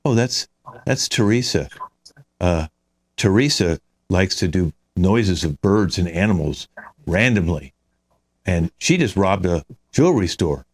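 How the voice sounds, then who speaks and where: A man's voice: low voice, lively intonation, measured pace. A man hosting a live improv scene as a driver, announcing each passenger and their quirk. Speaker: improv host playing ride driver.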